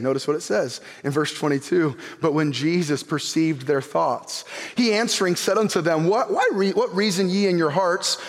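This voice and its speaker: A man preaching an animated sermon as pastor, reading scripture aloud and acting out the people in it. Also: fairly high pitch, moderate pace. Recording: long hall reverb.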